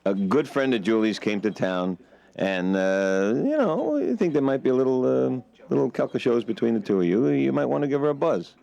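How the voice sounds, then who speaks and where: Pushy man with a gravelly voice. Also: medium pitch, very animated, warm tone. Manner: pushy, urging, fast interjections.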